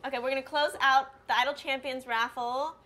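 A woman's voice: high-pitched, steady tone, a little fast, pushed and bright. Upbeat woman talking to stream viewers. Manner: upbeat, addresses viewers directly. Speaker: player and co-host. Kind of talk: casual chat on a livestream.

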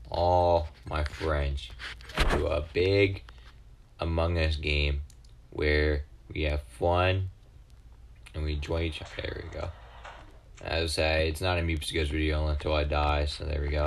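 This is a young man hosting a gaming video, his commentary loose and laced with profanity, with frequent shouted outbursts of frustration. He has a low-pitched voice, and there's slight noise in the background.

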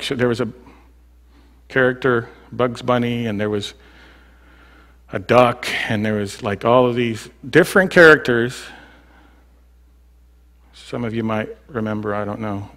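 Man preaching in a reverberant church. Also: medium pitch. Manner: slow scripture reading, rambling asides with fillers. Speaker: pastor. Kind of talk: sermon. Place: church sanctuary.

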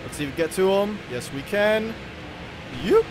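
A man's voice: high-pitched, animated, moderate pace, noisy background. A man hosting his gaming channel, commentating a racing game with playful, mock-villainous trash talk. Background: game music.

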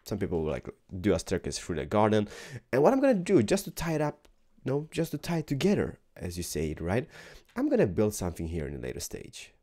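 Man, young adult, game commentary, tired morning voice, rambling, mellow tone, lively swooping pitch. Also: fast talker. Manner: rambling, animated, repeats words, drops into whispers. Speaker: gaming video host. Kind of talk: casual gameplay commentary.

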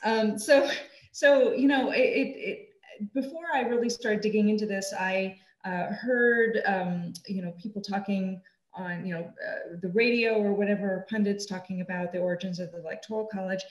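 A woman's voice: medium pitch, normal speed. Hesitant woman moderator, roomy echo. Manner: hesitant, many fillers. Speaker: seminar moderator. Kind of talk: seminar discussion.

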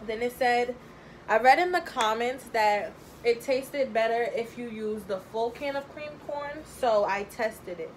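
A young woman with a fairly high voice walks through a recipe in her kitchen, talking casually and filling pauses with ums as she thinks aloud. Her voice comes through a camera mic, with a faint hiss of background noise behind it. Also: poor audio. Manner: chatty and rambling, thinks aloud with many fillers. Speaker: home cook vlogger. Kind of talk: casual cooking tutorial. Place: home kitchen.

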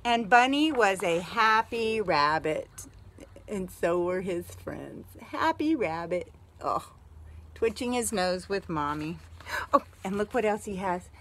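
A woman reading a picture book aloud to a child, gently and slowly, with gasps and exclamations. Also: medium pitch, lively intonation, slight background noise.

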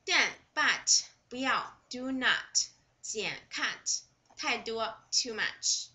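A woman with a Chinese accent teaches Mandarin vocabulary, saying each phrase twice and glossing it word by word. Her voice is very bright and a little high. She speaks at a very slow, deliberate pace. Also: lively intonation.

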